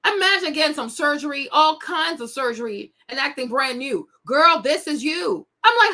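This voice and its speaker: Sassy high-voiced woman gossip host. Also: animated, normal speed, few pauses, pushed and bright. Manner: sassy, indignant, talks straight to viewers. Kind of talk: casual celebrity gossip commentary.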